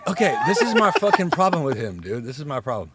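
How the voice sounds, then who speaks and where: A man guesting on a podcast, telling animated, heavily profane stories in casual chat. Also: fairly high pitch, fast talker, over a noisy crowd.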